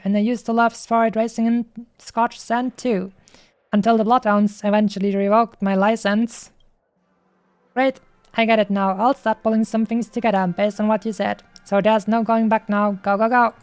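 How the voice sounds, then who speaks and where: A woman's voice: fairly high pitch, a little mellow, clear, resonant tone. A woman streamer reading game dialogue aloud in a playful way, stopping often on fillers as she goes.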